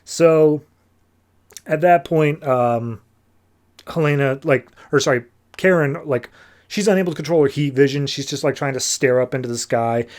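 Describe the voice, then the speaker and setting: A man hosting a podcast, casually recapping a comic book story in a rambling way and slipping into quick character voices. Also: fairly high pitch, darkish tone. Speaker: podcast host.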